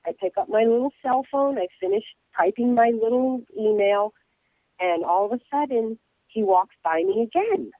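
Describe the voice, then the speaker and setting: A woman blogger telling a story in casual chat, animated and irreverent, with lots of fillers and restarts. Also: a little high, moderate pace, no echo. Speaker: guest blogger. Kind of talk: casual storytelling on a call-in show. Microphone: phone. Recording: tinny phone line.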